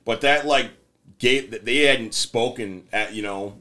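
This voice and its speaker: A man co-hosting a casual podcast chat, retelling a film with lots of swearing and quick voiced impressions. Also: medium pitch, bright, forceful tone. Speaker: podcast co-host.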